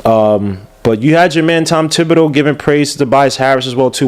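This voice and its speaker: A man hosting a casual sports podcast, talking loosely and excitedly, swearing and checking stats on air. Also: mid-range voice, moderate pace, hardly any pauses, clear, resonant tone. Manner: loose and animated, swears, looks things up on air. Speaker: podcast host.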